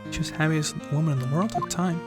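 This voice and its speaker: A woman voicing a grim, bitter young woman who tells a painful story in a low, measured way, over loud game music. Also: natural voice. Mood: somber, bitter. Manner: low, measured, somber telling.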